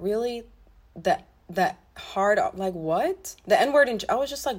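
A young woman vlogger with a medium-pitched, breathy voice tells a story from her own life at a measured pace. She's blunt and swears freely, retelling it animatedly with frequent asides.

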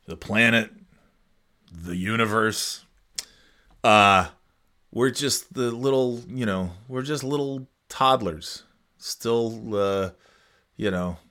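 A man's voice: lowish voice, pushed and bright. A man in his forties chatting casually and alone as a podcast host, rambling and sarcastic, slipping into silly voices. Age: 40s. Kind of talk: casual solo chat.

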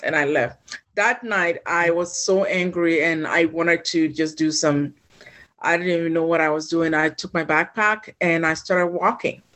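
A woman from Ghana, a podcast guest, telling a personal story in an animated way and acting out the voices of the people in it. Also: deep voice, a little slow. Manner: animated storyteller who acts out quoted voices.

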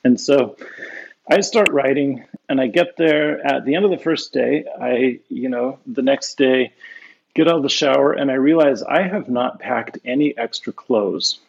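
A middle-aged man, a professor and author, telling anecdotes in a relaxed conversation, laughing often and restarting his sentences. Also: mid-range voice, unhurried, gravelly, breathy edge, lo-fi sound. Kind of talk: conversational storytelling.

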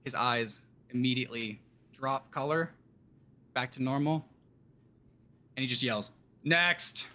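Guy game-mastering, rambly halting narration, lots of uh and kinda, mid voice. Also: medium pitch, fairly bright tone. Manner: loose, halting narration with many fillers.

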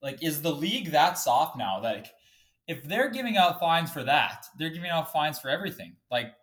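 Recording a solo podcast from his bedroom, a man rants angrily, swears often, and sounds a bit sniffly. His voice is on the high side and a bit bright.

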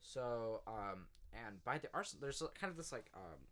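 A man's voice: mid-range voice, expressive, normal speed, a bit bright. A young man co-hosting a casual chat in an easygoing, joking way, who stops and starts with fillers as he tells a story. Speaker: podcast co-host.

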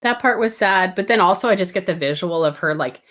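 A woman's voice: fairly low pitch, lively intonation, a little fast, fairly bright tone. A woman in casual chat about a romance novel, adding jokey asides and mimicking the characters. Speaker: book discussion co-host.

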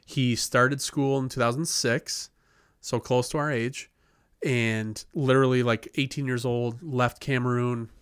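Animated, swearing man telling stories. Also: medium pitch, unhurried, smooth, dry recording, clean studio sound. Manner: animated storyteller, laughs and swears often. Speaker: podcast co-host. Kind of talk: casual storytelling chat. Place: podcast studio.

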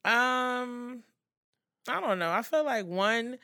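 Bright-voiced, animated woman co-host. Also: on the high side, slow, clean tone, dry recording, clean studio sound. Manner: animated, profane, rambling. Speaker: podcast co-host. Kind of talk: casual chat.

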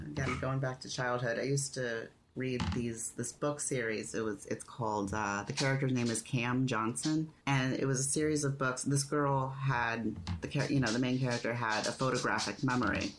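A man co-hosts a casual podcast and rambles through his stories, chuckling easily. His voice sits at a middling pitch. Faint noise hangs in the background. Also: fairly even intonation, moderate pace. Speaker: podcast co-host. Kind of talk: casual chat.

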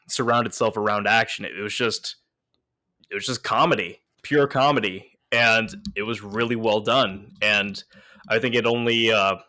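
A man's voice: medium pitch, bright, forceful tone. A man co-hosting a casual movie review chat, hesitant, often restarting sentences and swearing casually. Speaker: podcast co-host.

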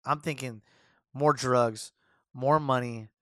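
Man, podcast host, animated anecdote telling, repeats himself, mid pitch, dry room. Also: slow, dry recording. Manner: animated, repetitive, restarts phrases. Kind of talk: casual storytelling chat.

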